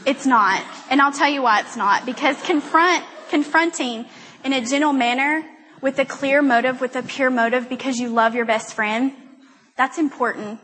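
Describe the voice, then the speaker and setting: A woman's voice: sits high, a bit bright, slight background noise. A young woman giving a rambling, self-deprecating testimony talk at a church gathering. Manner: chatty, rambling, self-deprecating and quick to laugh. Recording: long reverb of a hall.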